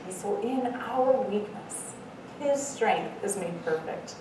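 A middle-aged woman giving an earnest devotional talk as a Bible study speaker, mixing in lively self-mocking stories. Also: medium pitch, takes it slowly. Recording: echoey room, mic far off, faint noise.

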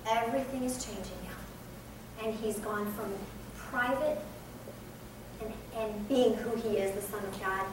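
A woman in her forties with an American accent gives a conversational Bible teaching in an earnest tone, laughing at herself now and then. Her mid-range voice moves at a measured pace with frequent pauses. She's recorded from a distance in an echoey room with faint background noise.

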